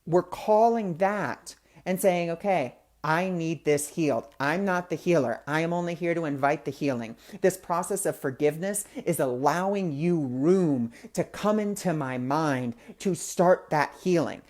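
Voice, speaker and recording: A man's voice: fairly high pitch, unhurried, darkish tone. A man hosting a spiritual talk show, telling personal stories in an earnest, conversational way and acting out the people he quotes. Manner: loose filler-heavy phrasing. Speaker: host of a spiritual discussion show. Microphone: webcam or phone mic, livestream.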